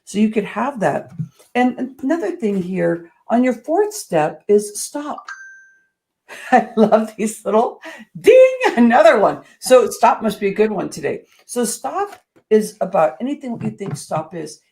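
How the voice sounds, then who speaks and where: A woman coach giving a heartfelt motivational talk with a gravelly, creaky edge to her voice. She speaks at a middling pitch, shifting between hushed, slowed reflections and bright, emphatic bursts. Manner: earnest and expressive, swinging between soft and emphatic.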